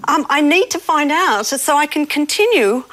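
A woman's voice: high voice, expressive, moderate pace, fairly bright tone. A woman on a comedy panel telling a self-mocking travel anecdote in a chatty way. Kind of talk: comic anecdote on a panel show.

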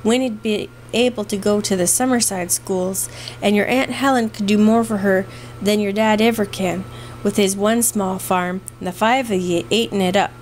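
A woman's voice: mid-range voice, fairly even intonation, normal speed, a little hiss or hum, lightly acted, low-quality recording. A woman voicing a fond, scolding old housekeeper with an Irish brogue, read in a storybook.

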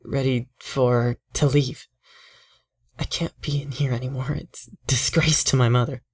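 A man voicing a grieving young woman who speaks in shaky, hushed tones. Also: medium pitch, little pitch movement, unhurried, breathy edge. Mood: tearful. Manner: shaky, hushed, half-whispered.

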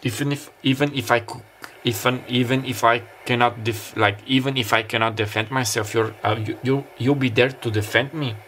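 A man gives a pick-a-card tarot reading in a musing, halting way, full of fillers and restarts. His voice is medium-pitched, slightly bright, and fairly even in intonation. Faint summer beach sounds and a little background noise sit behind him.

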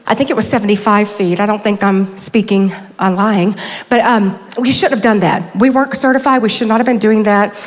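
A woman's voice: medium pitch, fairly even intonation, a little fast. A woman in her fifties giving a conference talk in a chatty, self-deprecating way, holding back tears as she tells funny personal stories. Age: 50s. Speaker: conference speaker. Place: large hall with stage. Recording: long hall reverb.

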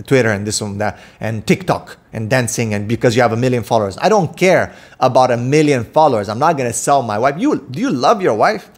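A man preaching with fire in his voice, scolding his audience and hammering home one rhetorical question after another. His voice sits at an ordinary middle pitch for a man, and he talks straight to the listener in an impassioned monologue. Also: lively intonation, brisk, few pauses. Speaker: Islamic preacher and counselor.

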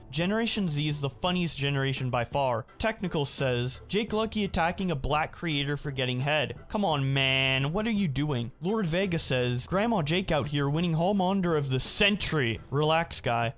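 A man narrating a commentary video, reading social media posts aloud in an even, flat monotone. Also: fairly high pitch.

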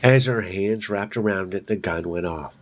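A man's voice: sits low, no room sound. A man reading a horror novel aloud in a casual way, with slips and restarts along the way. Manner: reads slowly, with slips and restarts. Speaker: audiobook reader. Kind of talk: casual read-aloud narration.

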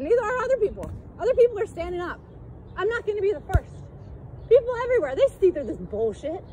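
A woman yelling defiantly at a police officer in a public park, her voice growing sore from shouting. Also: extremely high pitch, big pitch swings, quick pace, background noise. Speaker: mother filming a police encounter. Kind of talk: heated confrontation.

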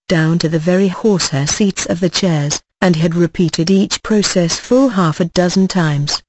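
An audiobook narrator reading a classic novel in a measured, even storytelling manner. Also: medium pitch, no echo, low-quality recording.

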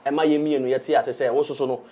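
A man's voice: medium pitch, fairly even intonation, racing, dark tone. A man with a Ghanaian accent talking on a podcast panel, mixing English and Twi in a rambling way. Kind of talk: casual panel discussion.

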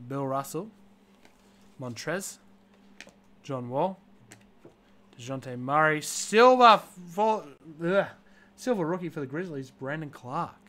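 A man hosts a live card-break stream with a forceful, bright voice that sits a little high. He reels off player names in steady lists and breaks them up with offhand joking asides. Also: slow, pauses often.

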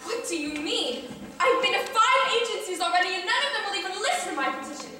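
A teenage actress playing a frantic, pushy woman who pesters a bank official, with shrill, insistent, melodramatic delivery in a live school stage play. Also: expressive, quick pace. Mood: desperate. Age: teens. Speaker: high school stage actor. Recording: echoey hall from far off.

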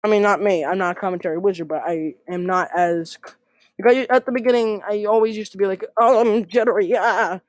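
A woman YouTuber chatting loosely over her gameplay, full of ums and self-mocking asides. Her voice sits at an ordinary middle pitch. She is recorded close and dry, with no room sound around her. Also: fast talker, a little mellow, no room sound. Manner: rambling, self-deprecating, many fillers. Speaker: gaming YouTuber. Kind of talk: casual gameplay commentary.

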